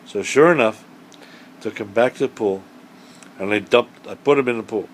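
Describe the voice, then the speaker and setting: A middle-aged man telling a true story to children in a lively, folksy way. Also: medium pitch, moderate pace, a little hiss or hum. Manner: animated, folksy, acts out the voices of the people in his story.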